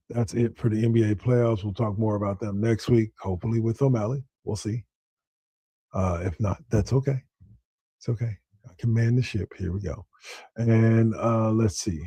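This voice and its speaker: Man with a mellow, dry voice. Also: mid-range voice, dry recording. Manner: animated, rambling, excitable with frequent restarts. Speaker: podcast host. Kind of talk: casual sports podcast talk.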